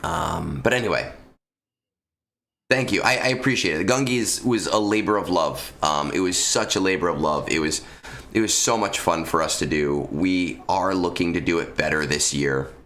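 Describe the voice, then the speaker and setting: A man with an extremely deep voice chats casually on a live stream, close to the microphone. His tone is bright and forceful despite the low pitch. He rambles, swears freely and restarts sentences often, with a lingering cough. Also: moderate pace. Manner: rambling and profane, with many restarts and ums. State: lingering cough after illness.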